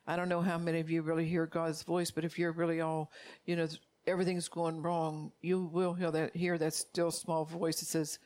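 A woman's voice: low voice, level tone, moderate pace, darkish tone. A woman preaching a sermon, repeating phrases for emphasis and reading scripture aloud as she urges her listeners directly.

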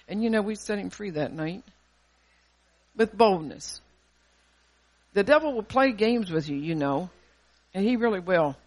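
An older preacher gives a sermon at a mid-range pitch, emphatic and insistent. The delivery mixes scripture readings with pointed rhetorical questions to the listeners. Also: expressive, moderate pace, pauses often.

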